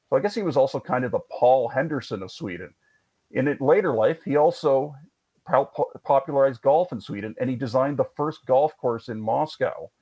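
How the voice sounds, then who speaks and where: A man's voice: medium pitch, warm tone, low-quality recording. A man hosting a podcast, telling sports history in a chatty, wry way with jokey asides. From Canada. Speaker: podcast host. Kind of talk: conversational history storytelling.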